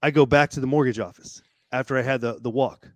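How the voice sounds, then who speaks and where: Guy on a podcast telling his story, animated, cusses a lot, trips over his words, dry close mic. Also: medium pitch, quick pace, dry recording. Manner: animated, swears freely, repeats words while racing ahead. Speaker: podcast guest. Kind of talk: casual storytelling.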